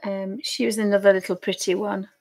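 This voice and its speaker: A woman's voice: medium pitch, little pitch movement, a little fast. Yorkshire woman vlogger, chatty and rambling, mid-range voice, casual home chat. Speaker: craft vlogger.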